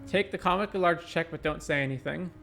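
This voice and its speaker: A man's voice: fairly high pitch, fast, vocal fry, over music. A man streaming a game and reading its dialogue aloud in a wry, offhand manner.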